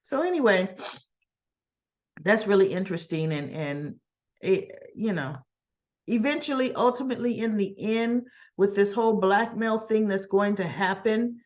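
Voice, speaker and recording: A woman's voice: mid-range voice, muffled recording. A woman chatting through a casual soap opera recap, gossipy and full of asides and restarts. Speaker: soap opera review vlogger. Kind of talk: casual episode recap and commentary.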